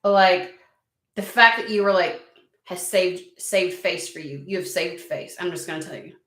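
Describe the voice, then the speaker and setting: A woman's voice: lowish voice, measured pace, a bit bright. Chatty woman doing a tarot reading, curses a lot, rambly, sounds like an echoey room. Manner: chatty, rambling, swears freely, lots of "like". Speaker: tarot reader. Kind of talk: casual tarot reading to camera.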